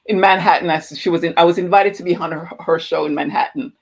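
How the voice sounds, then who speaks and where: A woman's voice: on the low side, fairly even intonation, quick pace. A woman guest sharing a personal story earnestly and emotionally, repeating phrases for emphasis. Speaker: guest speaker. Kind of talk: personal testimony in interview.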